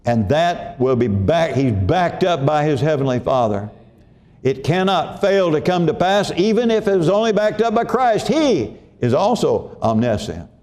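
Male pastor, higher-pitched voice, folksy repetitive sermon delivery with questions to the congregation. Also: big pitch swings, normal speed, a little mellow. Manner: folksy, repeats phrases, asks congregation questions.

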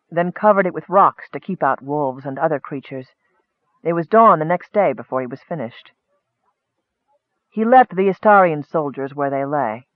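A man giving measured scripted narration of a fantasy story. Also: fairly high pitch, no echo, narrow, tinny audio.

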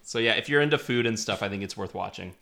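A man's voice: on the low side, creaky, bright, forceful tone. A young man co-hosting a podcast, chatting casually about a film, rambling with frequent laughs. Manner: rambling, laughs often, quick asides. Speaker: podcast co-host. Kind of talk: casual film review chat.

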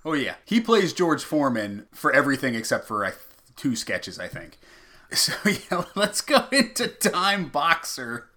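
A man's voice: on the high side, very animated, measured pace, bright, forceful tone. A man co-hosting a casual comedy podcast, laughing often and acting out quotes. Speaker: podcast co-host.

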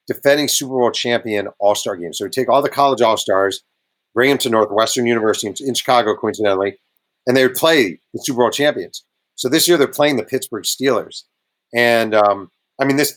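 A man's voice: mid-range voice, a bit bright. A man spinning locker-room anecdotes as a guest on an audio talk show. He talks casually and animates the stories by jumping into the voices of the people in them. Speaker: guest author. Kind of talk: casual storytelling interview.

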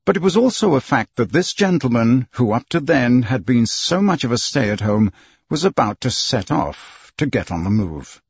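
A man reads a classic novel aloud with an expressive, storytelling delivery. His husky voice swings up and down with plenty of life. The sound is dry and muffled, as from a lo-fi recording. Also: medium pitch, normal speed, dry recording. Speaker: audiobook narrator. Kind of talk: scripted narration.

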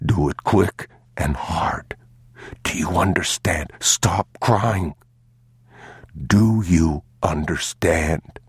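A man voicing an exhausted, protective father in a storybook, in whispered role-play, urgent and very slow. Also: sits low, breathy edge, no room sound, clean studio sound, exaggerated voice.

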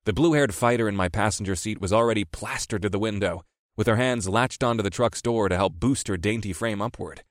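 A man with a fairly low voice reads a first-person novel aloud. His telling is wry and easygoing. The sound is close and dry, with no room around it. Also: brisk, no room sound. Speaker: audiobook narrator. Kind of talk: first-person audiobook narration.

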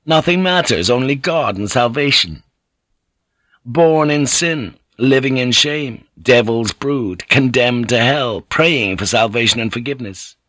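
Audiobook narrator: middle-aged man, mid pitch, dry close sound, rhythmic delivery. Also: lively intonation, fairly bright tone, no room sound. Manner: measured, rhythmic, dramatic reading. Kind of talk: scripted narration.

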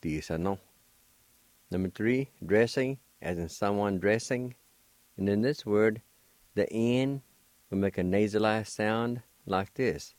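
A man with a deep, low voice teaches vocabulary in an unhurried, careful way, spelling each word and saying it again several times. He sounds patient and encouraging. The sound is close and dry, with little room to it. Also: a little mellow, no echo. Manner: slow, deliberate spelling and repeated pronunciation. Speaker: language teacher and host. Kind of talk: radio language lesson.

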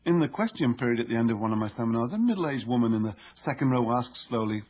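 Male author narrating his own self-help audiobook, husky and measured, muffled recording. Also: medium pitch, expressive. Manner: measured, explanatory.

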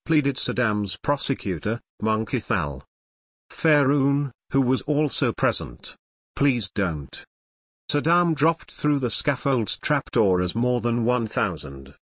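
A man reading nonfiction narration in a measured, serious way. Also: mid-range voice, a bit bright, dry recording, studio quality. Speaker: audiobook narrator.

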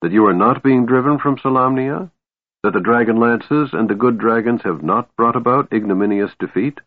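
Verbitterter, drohender Kriegsherr, von einem Mann gelesen, lebhafte Betonung, enger telefonartiger Klang. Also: male voice, lowish voice, sing-song, normal speed, no echo. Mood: bitter. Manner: scowling, bitter, snorting. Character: bitter, menacing male warlord, quick to anger. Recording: narrow phone-like sound, dry.

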